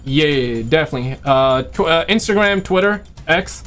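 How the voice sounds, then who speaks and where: A man with a high voice talks excitedly on a live stream, rambling and answering viewers as he goes. He says he is losing his voice. Faint music plays quietly underneath. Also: normal speed. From Quebec, Canada. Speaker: livestream host. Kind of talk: casual live stream chat.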